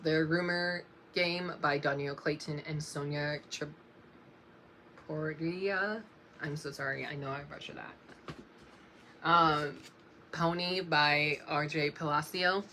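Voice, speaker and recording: A young woman with a low but bright, clear voice takes her time as she reads through her book list, stopping now and then to apologize with a small laugh. The recording has a faint hum of room noise behind her. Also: steady tone. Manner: slow and unhurried, often apologizing and laughing softly. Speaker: book vlogger. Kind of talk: casual reading-list vlog.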